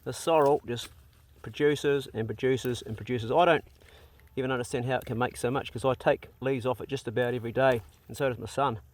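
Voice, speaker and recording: Filming himself doing chores around the farm with a handheld phone, a middle-aged man from New Zealand gives easygoing, blunt, joking commentary in his New Zealand accent, rural-vlog style. His voice is medium in pitch with fairly even intonation, and he talks fairly quickly.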